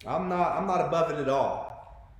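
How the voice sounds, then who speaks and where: A man, telling his own story in an earnest, excitable monologue full of restarts. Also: on the high side, normal speed. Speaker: vlogger sharing his story. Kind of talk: emotional personal monologue. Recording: very echoey room with long reverb.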